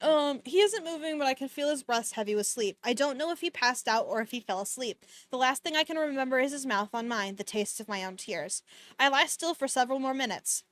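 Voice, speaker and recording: High-voiced woman streamer reading a novel aloud. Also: expressive, fairly quick, a bit bright, no room sound. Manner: sarcastic asides, swearing between read passages. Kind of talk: casual book reading with commentary. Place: home streaming setup.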